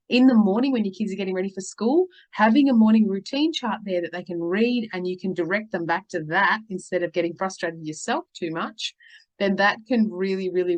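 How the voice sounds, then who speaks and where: A woman's voice: mid-range voice, low-quality recording. Earnest woman coaching parents. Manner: earnest, reassuring, keeps saying "okay" and "all right". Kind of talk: talking to camera, advice video.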